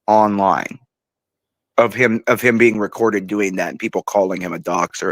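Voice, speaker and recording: A slightly drunk man talking bluntly and rambling in casual podcast chat, with drawn-out repetitions. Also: lowish voice, steady tone, dry recording. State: tipsy.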